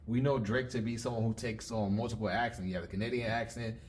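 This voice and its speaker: Low-voiced man explaining things methodically. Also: fairly even intonation, fast, a little hiss or hum. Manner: methodical, explains step by step with frequent restarts. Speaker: host of a lyric breakdown channel. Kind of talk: casual explanatory commentary.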